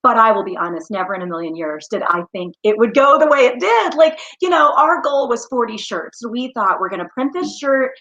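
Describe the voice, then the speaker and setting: A woman's voice: a little high, animated, fairly quick, few pauses, fairly bright tone. Earnest woman guest over dull audio. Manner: earnest, heartfelt storytelling. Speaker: guest, mother and small business founder. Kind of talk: interview.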